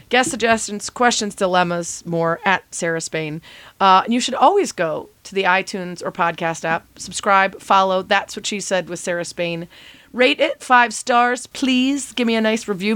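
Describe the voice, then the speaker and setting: A woman's voice: medium pitch, normal speed, fairly bright tone, smooth, no room sound. A woman in her thirties hosting her own podcast, talking in a chatty, self-deprecating and enthusiastic way. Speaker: podcast host. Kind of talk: casual solo podcast segment.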